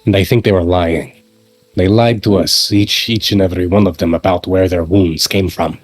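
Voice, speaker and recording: A stern, suspicious male adventurer with a faintly villainous edge, voiced by a man at the gaming table. His voice sits a little low and his delivery is measured and insistent, pressing each point home. Faint music plays underneath. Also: steady tone. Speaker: tabletop game player. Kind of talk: in-character tabletop role-play.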